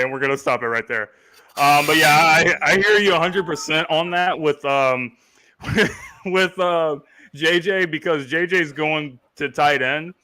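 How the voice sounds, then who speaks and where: Bright, higher-voiced joking podcast host. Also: male voice, dry recording. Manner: blunt and joking, talks to chat viewers. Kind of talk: casual sports podcast chat.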